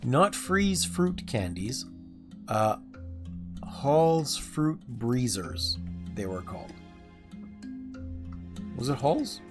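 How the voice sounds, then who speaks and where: A man's voice: mid-range voice, very animated, extremely slow, pauses often, over music. A man in his thirties chatting casually and rambling while livestreaming a game, chuckling often. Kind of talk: casual chat while gaming.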